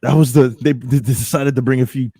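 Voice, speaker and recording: A man's voice: mid-range voice, steady tone, fairly quick, warm tone, breathy edge, dry recording, studio quality. A man co-hosting a comedy podcast, making crude wisecracks in casual banter. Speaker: podcast co-host.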